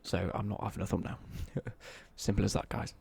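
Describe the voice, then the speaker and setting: A man's voice: fairly low pitch, steady tone, normal speed, creaky, a little mellow, a little hiss or hum. Cheeky man streaming games. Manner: cheeky, jokey banter, reads out chat messages. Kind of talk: live game stream chat.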